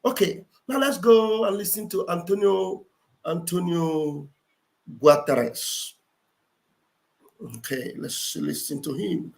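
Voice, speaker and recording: A man's voice: sits high, slow pace, creaky. A man hosting a livestream, giving impassioned, preachy commentary in an emphatic, repetitive way. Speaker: livestream host and political commentator. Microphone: computer mic on a live stream.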